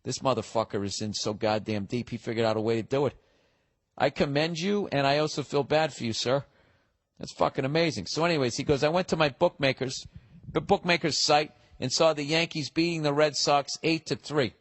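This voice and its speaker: A man's voice: fairly high pitch, a little fast, no room sound. A middle-aged man hosting a podcast, reading listener letters in a casual, profane, sarcastic rant and arguing with himself over the details. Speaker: podcast host.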